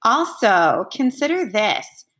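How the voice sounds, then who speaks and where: A woman teacher reading a storybook aloud to children in a clear, expressive voice. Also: on the high side, takes it slowly.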